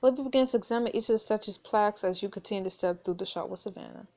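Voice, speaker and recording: A woman's voice: mid-range voice, racing, darkish tone. A woman reading a story game aloud in a playful, chatty way. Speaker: gaming video creator.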